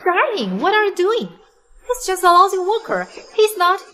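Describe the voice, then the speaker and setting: An actress voicing a snobbish, shrill young wife in a dubbed drama. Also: female voice, very animated, moderate pace, fairly bright tone, exaggerated voice. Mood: indignant, alarmed. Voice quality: shrill and indignant. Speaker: wife of a worker.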